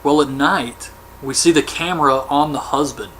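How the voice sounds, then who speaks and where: A man's voice: fairly high pitch, normal speed, fairly bright tone, a little hiss or hum. A man recapping a horror film in a casual, offhand way, as a movie reviewer. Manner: chatty, offhand, colloquial.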